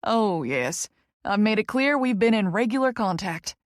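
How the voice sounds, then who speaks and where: A woman's voice: mid-range voice, lively intonation, moderate pace, dry recording, clean studio sound, lightly acted. Woman voicing a folksy Kentucky lawyer man. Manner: folksy, calls her honey. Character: small older lawyer man with a thick drawl.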